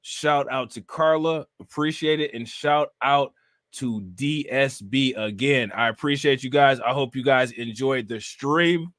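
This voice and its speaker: A man's voice: medium pitch, a little slow, fairly bright tone, dry recording, studio quality. A man hosting a casual reaction livestream, talking in a loose, slangy way and breaking into laughter. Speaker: livestream host.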